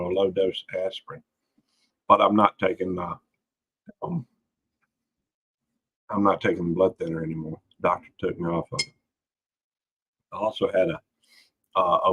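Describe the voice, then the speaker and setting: A man with a low voice that still rings bright and forceful hosts a casual late-night livestream. He talks in a rambling, folksy way and greets his viewers one by one. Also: vocal fry, slightly rough, dull audio. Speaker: livestream host.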